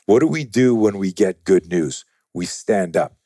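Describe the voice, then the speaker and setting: Low, dark-voiced man telling stories. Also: measured pace, dry recording, clean studio sound. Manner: animated, profane, acts out quoted voices. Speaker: guest, self-defense and fear-management trainer. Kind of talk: conversational storytelling in a podcast interview.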